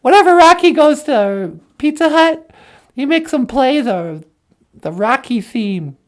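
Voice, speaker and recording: A woman's voice: sits high, very animated, a little slow. A performer voicing a cheerful, giggly young woman who teaches Ojibwe words. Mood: eager. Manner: bright, giggly, eager.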